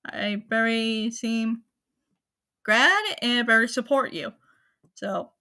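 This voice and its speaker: A woman hosting her own channel, talking casually to viewers in a halting, apologetic way, with many fillers and restarts. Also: fairly high pitch, sharp tone. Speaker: anime channel host. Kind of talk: casual spoken rundown to viewers.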